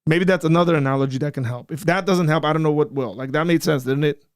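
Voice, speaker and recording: Slightly high-voiced blunt male host. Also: fast talker, clean tone, dry recording, studio quality. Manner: explanatory, blunt and emphatic when rebutting. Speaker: apologetics show host. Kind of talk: livestream discussion.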